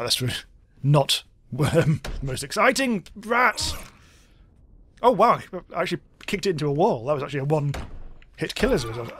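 This gaming YouTuber, a young man, keeps up a wry, conversational let's-play commentary and blurts out exclamations when something surprises him. His fairly bright, slightly high voice ranges widely in pitch. He's near a desk mic, with a little noise in the background.

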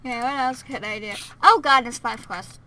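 High, bright-voiced playful woman gamer. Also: moderate pace, slight background noise. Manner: playful, teasing, excitable. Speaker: channel host playing a block-building game. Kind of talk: casual gaming chat with friends.

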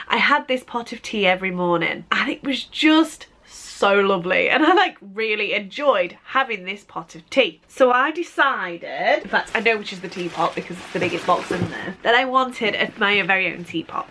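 Bright-voiced, gushing British woman vlogger. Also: mid-range voice, lively intonation, moderate pace. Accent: British English. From Britain. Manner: gushing, chatty, with frequent laughs and gasps. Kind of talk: casual unboxing chat.

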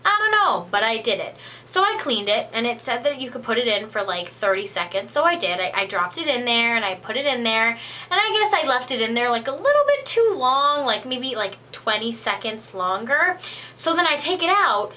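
A woman's voice: fairly high pitch, bright, forceful tone, slight background noise. A young woman telling a rambling, playful story in a casual favorites vlog, full of "like" and dramatic emphasis. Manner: chatty, rambling storyteller with lots of "like". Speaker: beauty vlogger.

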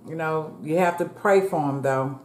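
Woman in her 50s doing a food vlog, chatty, keeps saying y'all, real low voice. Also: moderate pace, a little mellow. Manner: chatty, calls the viewers "y'all", prays aloud. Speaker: food vlogger. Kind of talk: casual eating chat to viewers. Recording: echoey room.

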